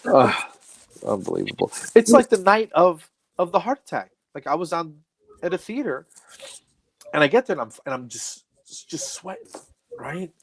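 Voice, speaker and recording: A man's voice: a little high, sing-song, normal speed, creaky. A middle-aged man, a comedian, telling a long story in casual chat, mocking himself and laughing as he goes. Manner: self-deprecating, laughs through his stories. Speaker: comedian guest.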